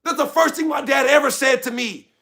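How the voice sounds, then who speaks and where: A young American man hosts a livestream, ranting passionately straight to his chat in heated commentary. His voice is very high-pitched, creaky and bright, with a forceful tone and brisk pace.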